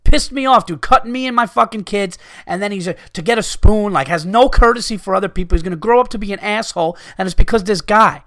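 A man's voice: high-pitched, quick pace, few pauses, a bit bright, no echo, studio quality. Profane, exasperated man ranting. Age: adult with young children. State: recovering from illness. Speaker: podcast host. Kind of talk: ranting monologue to listeners.

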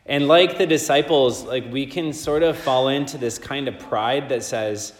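A man's voice: medium pitch, a little slow. Priest, male, preaching casually with fillers; roomy church sound with a long reverb tail. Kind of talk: gospel reading and homily.

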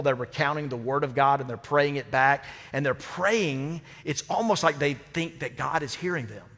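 Conversational pastor preaching in a reverberant sanctuary. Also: male voice, a little high, fairly bright tone. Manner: conversational, humorous preaching with rhetorical questions. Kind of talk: sermon. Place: church sanctuary. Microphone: microphone. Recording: long hall reverb.

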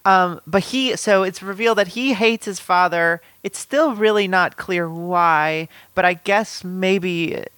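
A woman in casual conversation, recapping a film's plot and acting out quick quotes from its characters. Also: lowish voice, a bit bright, no echo. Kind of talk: casual film discussion.

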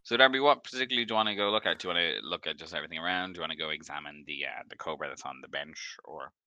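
A man's voice: a bass voice, racing, pushed and bright, no room sound. A man narrating as game master of a tabletop game, describing scenes in a rambling way with many fillers.

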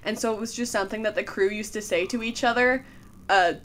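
A Canadian woman co-hosting a podcast, chatting casually about a TV episode and trailing off softly at the ends of her sentences. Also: mid-range voice, quick pace. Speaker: podcast co-host.

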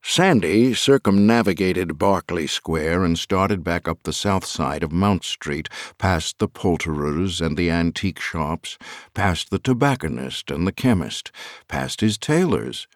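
A man narrating an audiobook in a measured storytelling manner. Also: low-pitched, expressive, dry recording, clean studio sound.

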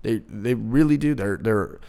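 Gravelly, profane young man ranting. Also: on the low side, a little slow. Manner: profane, animated, mimics voices mid-rant. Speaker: podcast host. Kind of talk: casual ranting commentary.

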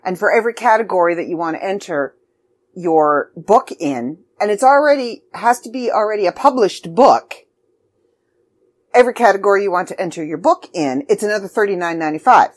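A chatty middle-aged woman from Canada gives a casual announcement about a writing contest. Her pitch swings freely from low to high, and she drops in quick, emphatic, self-deprecating asides. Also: lively intonation. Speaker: magazine editor and contest promoter.

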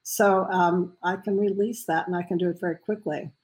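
A woman's voice: fairly low pitch, fairly even intonation, fairly quick, a little mellow, poor audio. A woman answering interview questions as a guest, hesitant and filler-heavy. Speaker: guest, medical intuitive.

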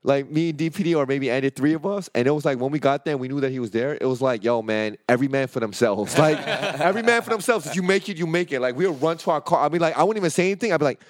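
A man's voice: racing, hardly any pauses, dry recording, clean studio sound. A man telling a story in casual chat among friends. He swears freely and acts out the people he quotes. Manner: animated storyteller, swears a lot, acts out quotes with a jumping pitch.

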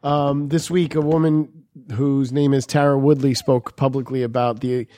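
A man in a crude, casual podcast chat, profane and animated when he mimics other people. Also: mid-range voice, normal speed.

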